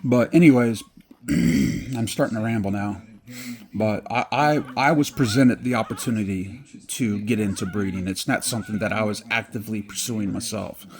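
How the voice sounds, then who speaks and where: A man's voice: lowish voice, normal speed. A man who breeds French Bulldogs, talking in a rambling, casual vlog with many restarts.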